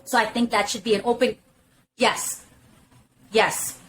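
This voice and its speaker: Blunt, outspoken woman with a higher voice. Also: little pitch movement, unhurried, a bit bright, a little hiss or hum, low-quality recording. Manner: candid, emphatic, swears freely; repeats fillers like "literally" and "you know what I'm saying". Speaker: podcast talker. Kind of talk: casual podcast discussion.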